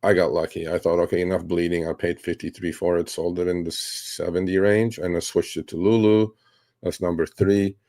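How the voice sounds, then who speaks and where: Deep gravelly man, blunt trader talk. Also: moderate pace. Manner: blunt, animated, swears and laughs. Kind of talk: casual talk answering a question.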